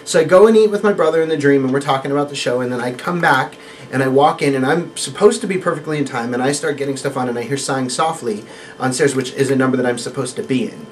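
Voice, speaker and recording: A guest actor tells a long story in a casual conversation, lively and quick, acting out the voices of the people he quotes. His pitch is medium, and there's slight noise in the background.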